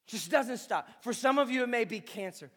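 A man's voice: very high voice, animated, moderate pace, fairly bright tone. A man preaching a sermon as a pastor, speaking with impassioned emphasis. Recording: long reverb of a large hall.

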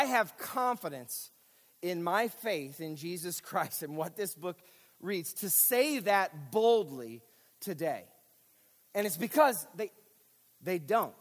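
High-voiced male pastor in a reverberant hall. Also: fairly bright tone. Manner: explanatory, speaks directly to listeners with frequent checks. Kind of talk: teaching sermon.

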